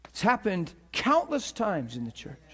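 A man preaching a sermon, telling stories in an animated, emphatic way and acting out the people he quotes. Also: high-pitched, a little slow, husky. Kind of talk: sermon storytelling.

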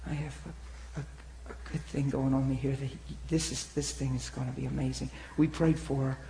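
A man preaching a sermon, telling stories and acting out the voices of the people in them, swinging from loud outbursts to hushed tones. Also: medium pitch, flat delivery, a little fast, slight background noise. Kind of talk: sermon storytelling. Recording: echoey room.

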